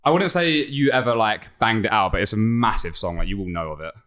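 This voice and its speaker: A man's voice: fairly low pitch, fairly quick. A man in his twenties with an English accent, co-hosting a podcast and running a lyrics quiz in casual chat, laughing often. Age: 20s. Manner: laughs often, reads lyrics aloud flatly.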